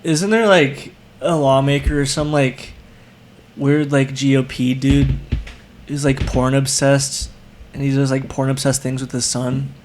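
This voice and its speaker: A young man co-hosting a podcast in casual chat, riffing with quick jokes. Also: mid-range voice, steady tone, a little hiss or hum. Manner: joking, quick riffing interjections. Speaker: podcast co-host.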